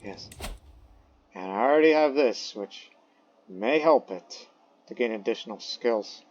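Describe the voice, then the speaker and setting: A man's voice: medium pitch, huge pitch swings, measured pace, gravelly, highs cut off. A man giving casual gameplay commentary, thinking aloud, muttering to himself and reading game text aloud. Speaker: let's play commentator.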